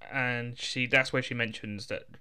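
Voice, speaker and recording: A man's voice: mid-range voice, fairly even intonation, normal speed, pushed and bright, clear, resonant tone. A man, co-hosting a casual film chat, laid-back and jokey as he quotes the characters. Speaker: podcast co-host.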